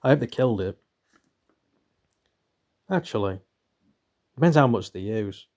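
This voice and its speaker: This young northern British man has a mid-range, slightly mellow voice with lively intonation and an unhurried pace, and there's a faint hiss or hum in the recording. Hosting his channel, he reads from a book and wanders into offhand, sweary, irreverent tangents.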